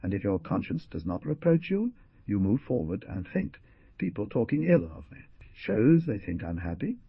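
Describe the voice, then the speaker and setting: A man voicing a stern, proud old village man who talks in a gruff, lecturing way in an audiobook reading. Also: on the low side, big pitch swings, moderate pace, no echo, narrow, tinny audio, full character voice. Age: older.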